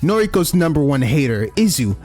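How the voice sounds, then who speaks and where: A young man streaming a visual novel, reacting in an excitable, playful way with plenty of swearing. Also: fairly high pitch, a little fast, soft background music. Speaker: video game streamer.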